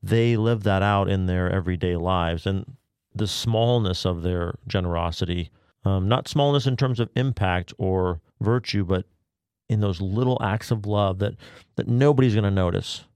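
A man's voice: sits low, moderate pace, a little mellow, clean tone, no room sound, clean studio sound. A man co-hosting a podcast, speaking in a thoughtful, reflective way. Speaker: podcast co-host. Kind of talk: casual discussion.

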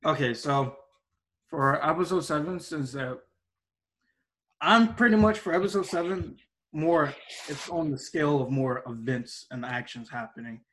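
A man's voice: fairly high pitch, unhurried, a bit bright. A man casually reviewing anime episodes with a co-host, rambling and restarting his sentences often. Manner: rambling, hesitant, many restarts and fillers.

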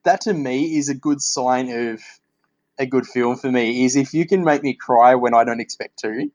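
A man with a mid-range voice hosts a relaxed podcast conversation. His talk is candid and chatty, with casual swearing and easy laughter. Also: medium pitch, normal speed, poor audio. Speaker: podcast host.

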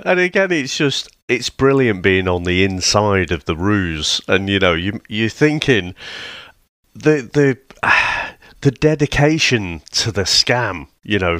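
A man's voice: on the low side, fairly bright tone, no room sound, studio quality. A man, co-hosting a casual film review podcast, laughing often as he talks. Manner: chuckling, loose with fillers. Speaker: podcast co-host.

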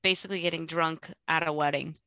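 A woman's voice: low voice, fairly even intonation, fast talker, pushed and bright, no room sound, muffled recording. A woman guest on a podcast, chatting casually and rambling with lots of "like". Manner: rambling, full of "like". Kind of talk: casual chat.

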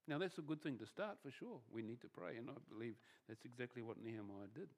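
With lively intonation and a fast delivery, a medium-pitched man preaches a casual, talk-like sermon as pastor. He restarts phrases often and lets his thoughts taper off more softly at the end.

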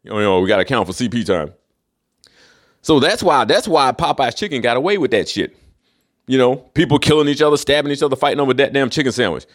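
A man's voice: mid-range voice, expressive, a little fast. A man hosting a solo podcast, ranting in a casual, profane and emphatic way. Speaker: podcast host.

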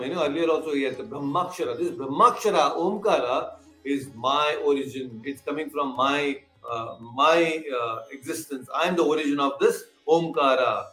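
A man's voice: a little high, fairly bright tone. A man acting as spiritual teacher, giving a scripture class lecture, explaining patiently, quizzing his listeners and repeating key terms. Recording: echoey room with faint sitar music.

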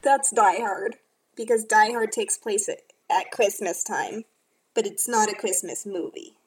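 A woman's voice: medium pitch, measured pace, slightly rough, rough recording. A woman co-hosting a casual podcast, making dry, matter-of-fact corrections. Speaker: podcast co-host.

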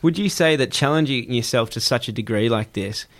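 Animated man telling stories. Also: medium pitch, a little fast. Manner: animated storyteller who acts out quotes. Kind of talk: casual chat.

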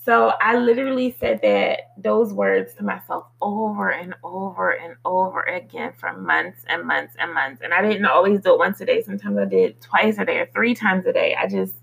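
A woman hosts a motivational podcast in a heavily gravelly, husky voice. She delivers affirmations with slow, earnest weight, then drifts into loose, conversational talk peppered with fillers. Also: lowish voice, big pitch swings, a bit bright, poor audio. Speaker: podcast host.

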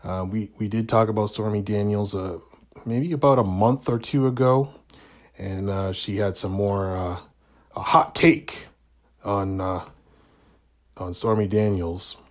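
Guy rambling on his podcast, lowish voice, lots of uhs and restarts. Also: fairly even intonation, measured pace, a little mellow. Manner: rambling, many fillers and restarts. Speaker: podcast host. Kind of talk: casual solo chat.

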